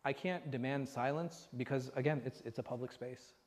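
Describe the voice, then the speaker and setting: A man's voice: mid-range voice, normal speed. Male imam giving a chatty class, keeps tossing questions at the room, long hall reverb. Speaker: imam and teacher. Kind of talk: conversational religious class.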